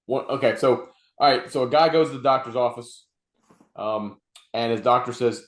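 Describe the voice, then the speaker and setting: A male podcast co-host chatting and telling jokes in a relaxed way. His voice sits at a middle pitch. It carries a noticeable echo from the room. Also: moderate pace. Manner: laid-back, tells jokes. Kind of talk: casual chat.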